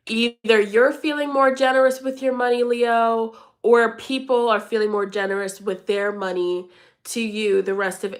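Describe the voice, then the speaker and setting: A woman's voice: on the high side, slight background noise. Slangy, chatty young woman tarot reader. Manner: chatty, slangy and playful, laughs often. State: congested. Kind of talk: casual tarot reading to viewers.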